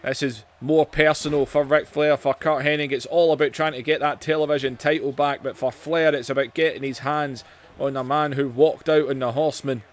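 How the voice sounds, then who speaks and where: A man doing excitable play-by-play commentary over a wrestling video game, his voice going hoarse, shouting out the moves and often saying "man". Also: a little high, a little fast.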